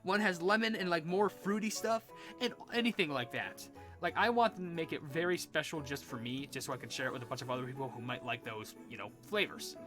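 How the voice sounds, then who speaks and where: A young man gives casual gameplay commentary in a slightly high voice. He rambles earnestly with lots of fillers while faint game music plays underneath. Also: a little fast. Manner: rambling, full of likes, earnest and emotional. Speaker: gaming YouTuber.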